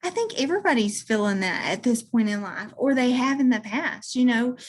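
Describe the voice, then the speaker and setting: A woman with a somewhat high voice shares her experience in a relaxed, earnest way. She speaks heartfelt and unscripted, full of fillers and small restarts. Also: a little fast. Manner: earnest, warm-hearted testimonial with many fillers. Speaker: guest, direct sales seller. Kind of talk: casual chat.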